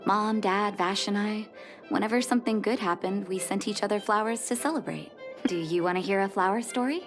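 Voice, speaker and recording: A woman's voice: mid-range voice, brisk, close to an everyday voice. An actress voicing an earnest, caring young woman who is a doctor in a video game. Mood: cheerful. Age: young adult. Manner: earnest and heartfelt. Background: game soundtrack music.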